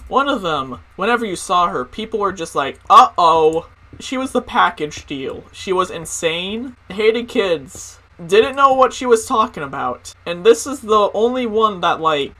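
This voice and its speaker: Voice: mid-range voice, pushed and bright. A young adult telling funny school stories in a casual, profane way, full of "like" fillers. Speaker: storyteller. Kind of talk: comedic personal storytelling.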